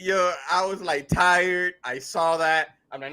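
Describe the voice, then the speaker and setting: Bright-voiced man joking on a podcast. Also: sits high, measured pace, hardly any pauses, smooth. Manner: playful mock threats, animated storytelling. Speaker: podcast co-host. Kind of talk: casual podcast chat.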